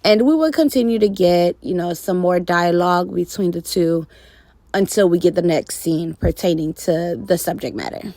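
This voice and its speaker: A woman's voice: on the low side, normal speed, warm tone, no echo. A woman talking casually about a TV show, rambling with fillers as she works through her ideas. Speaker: TV commentator. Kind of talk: casual commentary vlog.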